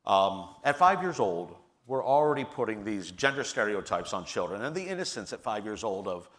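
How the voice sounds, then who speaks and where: A man's voice: fairly low pitch, sing-song, moderate pace, fairly bright tone. A middle-aged man on a panel, telling an earnest personal story with some restarts. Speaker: panelist, theater leader. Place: stage at a public forum.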